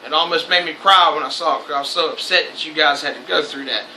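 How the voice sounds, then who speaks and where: A man's voice: a little high, quick pace, bright, forceful tone, slight background noise. A young man hosting a casual chat show, loose and profane and laughing often. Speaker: host. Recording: echoey room.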